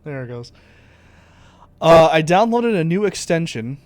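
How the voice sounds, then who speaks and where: A man's voice: on the high side, sing-song, unhurried, no room sound. A man streaming a game, talking casually and rambling, with a laid-back delivery and some swearing. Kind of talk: casual live-stream chat.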